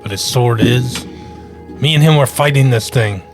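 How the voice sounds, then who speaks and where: A man playing a tabletop game in a mid-range voice. He speaks in a measured, deliberate way over faint music. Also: medium pitch. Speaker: player. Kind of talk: casual tabletop play.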